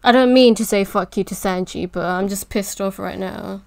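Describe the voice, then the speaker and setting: A woman's voice: mid-range voice, moderate pace, vocal fry, darkish tone, no room sound. A woman reacting to an anime episode, distraught and swearing as she talks back at the screen. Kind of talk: emotional reaction commentary.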